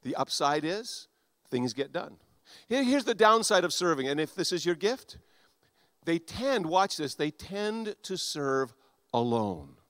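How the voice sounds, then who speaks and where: Pastor guy preaching, a bit high voice, dry close sound, gets loud then quiet, acts out voices. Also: unhurried, no room sound. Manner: animated preaching, acts out quoted voices, swings loud and soft. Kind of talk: sermon.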